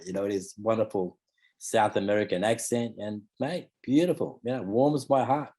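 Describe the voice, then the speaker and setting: A man's voice: on the low side, moderate pace, warm tone. An Australian man in his fifties, a martial arts teacher talking casually in an interview, rambling and leaning on fillers like "you know" and "mate". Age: 50s.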